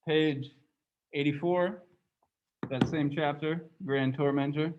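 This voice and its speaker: A man's voice: on the high side, fairly even intonation, slow pace, muffled recording, background noise. A man giving a casual, conversational classroom lecture, asking his students questions as he goes. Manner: reads passages aloud from the book. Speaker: religious studies lecturer.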